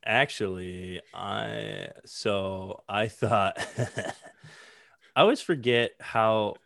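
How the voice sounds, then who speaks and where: A man with a lowish voice, recorded close and dry. He rambles in casual podcast talk, stopping often for "um" and "like" as he explains things. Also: very slow, creaky, a bit bright, dry recording. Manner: rambling, hesitant, many fillers. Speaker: podcast co-host. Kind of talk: casual sports chat.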